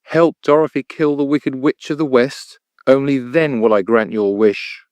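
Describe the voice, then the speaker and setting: A man's voice: medium pitch, fairly even intonation, measured pace, a little mellow, dry recording, close to an everyday voice. A man voicing a menacing, growling five-eyed beast.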